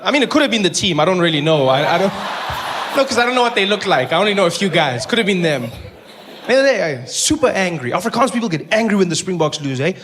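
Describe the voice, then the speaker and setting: A South African man performing stand-up, with a high, lively voice that keeps jumping into little characters. There is a clear hiss of noise under the live stage recording. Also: fast. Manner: animated, jumps into voices, laughing asides. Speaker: stand-up comedian. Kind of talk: stand-up comedy. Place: comedy stage before a live audience.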